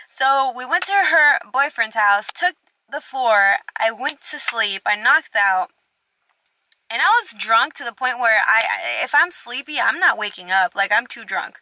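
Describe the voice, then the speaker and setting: A woman's voice: fairly high pitch, animated, moderate pace, pushed and bright, no room sound. A young woman telling a casual storytime, chatty and candid, full of "like". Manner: chatty, fillers of "like", candid and blunt. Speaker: vlogger.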